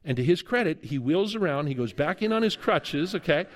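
Preaching as a guest, this middle-aged seminary teacher tells an energetic story laced with humor and chuckling. He speaks a little fast, with a fairly high pitch.

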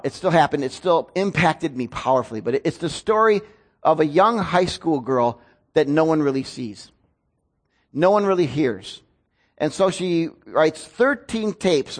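A man, a pastor preaching a sermon in an earnest, storytelling way. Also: a little high. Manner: earnest, storytelling with rising emotion.

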